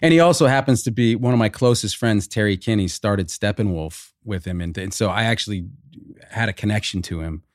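A middle-aged man as a podcast guest, telling stories in an animated way, swearing casually, with frequent restarts. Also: lowish voice, a little fast, no echo, studio quality. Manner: animated storyteller, swears, acts out quotes.

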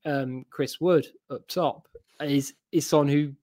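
A man's voice: on the high side, fairly even intonation, slow, a little mellow, no room sound. Rambling man on a dry recording. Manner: rambling, hedging with restarts. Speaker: guest football fan. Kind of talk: casual podcast chat.

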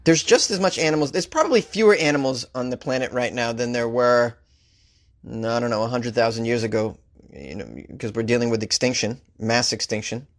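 A man's voice: mid-range voice, brisk. A man who hosts a comedy news podcast, reading odd stories and ranting about them with sarcastic mock outrage. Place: Los Angeles.

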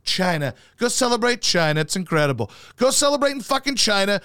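With a high, sing-song voice that's fairly bright and clean, this thirtysomething podcast host rants forcefully and curses often. He talks fairly quickly, and there's no echo on the recording.

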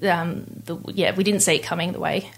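Candid woman, lowish voice. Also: steady tone, vocal fry. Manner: candid, halting with restarts. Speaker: interview guest. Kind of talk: personal storytelling interview.

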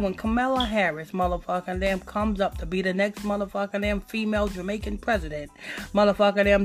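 A woman hosting a podcast, ranting in a profane, rambling, preachy way. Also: medium pitch. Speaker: podcast host. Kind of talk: casual podcast rant.

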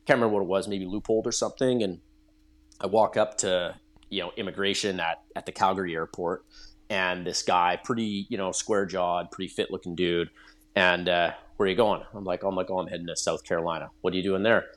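A Canadian man, a podcast guest, telling lively stories in casual conversation. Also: sits low, fairly quick. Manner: storytelling, animated, laughs often.

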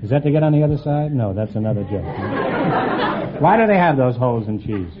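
A man's voice: mid-range voice, sing-song, over a noisy crowd, heavy background noise. Wisecracking man hosting a quiz show. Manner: teasing, quick quips, trailing "huh?". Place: radio studio before a live audience. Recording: dull old broadcast with loud audience.

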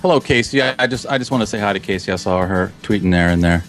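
A man with a fairly low voice talks casually as a podcast guest, rambling a little and correcting himself mid-sentence. He chuckles easily while he explains his plans, and faint music sits under the talk. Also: fast. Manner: rambling, self-interrupting, chuckles often. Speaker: podcast guest, Minecraft video creator.

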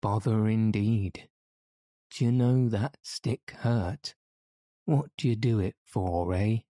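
A man voicing a gruff village police constable who talks bluntly, drops his aitches and keeps accusing. It is a character voice in an audiobook reading. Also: on the low side, slow, warm tone, no room sound, studio quality. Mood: indignant.

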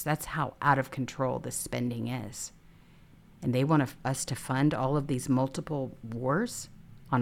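A woman hosting a political talk show, indignantly reading headlines and commenting. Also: rumbling low. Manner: indignant, reads headlines aloud. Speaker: host.

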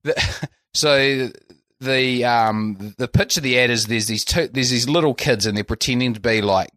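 A man's voice: mid-range voice, a little slow, fairly bright tone, no echo. A man with a New Zealand accent co-hosting a podcast in casual chat, laughing and rambling through restarts. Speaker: podcast co-host.

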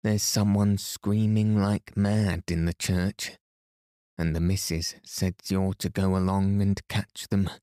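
A man's voice: low voice, little pitch movement, slow pace, mellow, dry recording, clean studio sound. A man reading a blunt housemaid. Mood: matter-of-fact. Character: blunt, down-to-earth young housemaid.

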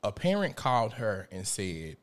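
A man hosting a casual talk show, telling lively stories, swearing and laughing often. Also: fairly low pitch, normal speed. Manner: animated storyteller, profane, laughs often. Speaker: podcast host. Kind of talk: casual conversation.

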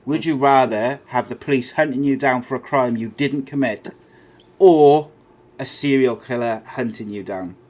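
A man's voice: mid-range voice, moderate pace, a little mellow. A man co-hosting a podcast in chatty, joking casual banter, full of fillers. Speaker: podcast co-host.

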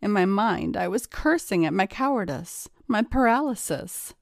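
A woman narrating an erotic story in a slow, measured storytelling manner. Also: medium pitch, lively intonation, gravelly, no echo, studio quality.

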